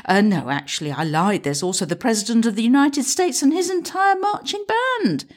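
A woman voicing a feisty, sarcastic old woman, shrill and bossy. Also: expressive, moderate pace. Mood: scolding. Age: older.

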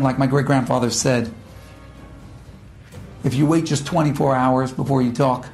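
A man giving a short inspirational talk as a religious teacher, speaking emphatically with pauses and sudden drops to a low tone.

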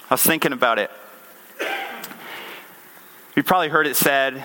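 A man's voice: mid-range voice, moderate pace, long pauses, sharp tone. A man in his thirties preaching a conversational sermon, earnest and full of restarts and rhetorical questions.

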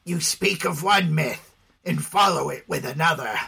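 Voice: mid-range voice, big pitch swings, extremely slow, creaky, bright, forceful tone, heavily acted. A man voicing a weathered, sun-squinting cloakier with a dry, mocking manner. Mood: wry. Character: wry, weathered desert-hardened cloakier.

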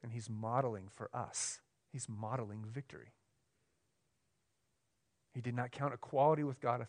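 A pastor preaching a sermon, swinging between emphatic, raised lines and quiet, low ones, often checking in with the congregation. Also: male voice, gravelly. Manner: asks the room questions, conversational.

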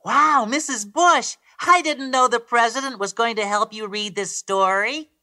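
A man voicing a big, gentle, childlike male bird, talking with innocent earnestness as a guest. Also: very high voice, a little slow, dry recording, heavily acted. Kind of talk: puppet character voice.

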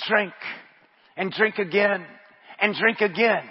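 A man preaching a sermon. He drops to hushed murmurs, rises to shouted refrains, repeats his phrases and speaks in tongues. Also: sits high, unhurried, breathy edge. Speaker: pastor. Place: church sanctuary. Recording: dull audio with long hall reverb.

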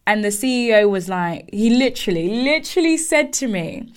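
A young woman talks through career advice in an animated, storytelling manner. She repeats phrases for emphasis and restarts her sentences as she goes. Her voice sits in the middle of the range. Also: mid-range voice, normal speed, smooth. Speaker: career coach. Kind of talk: advice monologue with personal story.

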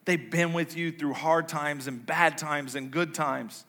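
A man preaching a sermon as pastor, conversational and playful, swinging between quiet low stretches and loud high bursts. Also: fairly even intonation, a little slow. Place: large church sanctuary.

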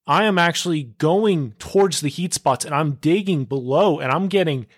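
A young man hosting his own podcast, talking on his own in a casual, excitable way, full of filler words and calling his listeners "dude". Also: fairly high pitch, normal speed, hardly any pauses, no room sound, clean studio sound. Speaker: podcast host. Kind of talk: casual solo podcast monologue.

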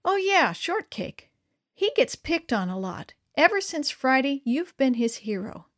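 A woman's voice: high-pitched, very animated, a little slow, a bit bright, exaggerated voice. Woman voicing a chatty young schoolgirl. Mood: friendly. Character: friendly sixth-grade schoolgirl.

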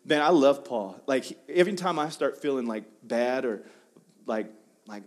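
Man, pastor, sermon, conversational, lively pitch, frequent restarts. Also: moderate pace.

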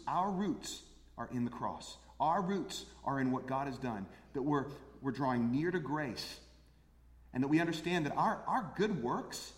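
A man preaching a sermon as pastor, earnest, repeating phrases for emphasis. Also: medium pitch. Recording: echoey hall with long reverb.

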